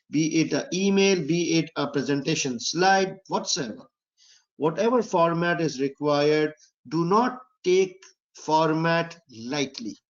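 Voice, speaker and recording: Guy tutor on a webinar giving exam tips, fairly high voice, kinda muffled lo-fi audio, lots of uh and you know. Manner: instructive, repeats key points, frequent "you know" and "uh". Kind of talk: online exam-prep webinar.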